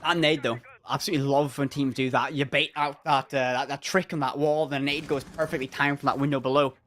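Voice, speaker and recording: A man with an Irish accent giving energetic live esports commentary, stressing words by repeating them. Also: medium pitch, a little fast. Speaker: esports caster.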